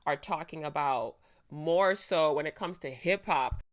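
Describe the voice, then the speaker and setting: A woman hosting a reaction video, talking in a casual, animated way with lots of fillers, frequent laughs and some swearing, into her own microphone. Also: low voice, unhurried. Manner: laughs often while talking.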